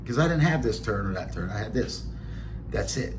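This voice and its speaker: Baltimore man near fifty, low voice, blunt streetwise storyteller with a faint hiss behind him. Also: lively intonation, a little fast. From Baltimore, Maryland. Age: 40s. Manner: blunt, streetwise, rambling with fillers and asides. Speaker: podcast host. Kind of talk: casual storytelling monologue.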